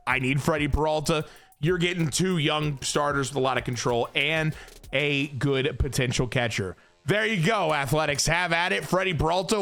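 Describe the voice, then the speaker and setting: A man calls out his baseball video game franchise run in an exasperated, excitable rush, cursing when things go wrong. His voice sits a touch high and sounds bright and forceful, swinging widely up and down. Soft music plays quietly behind him. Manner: excitable and exasperated, swears freely. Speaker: gaming YouTuber.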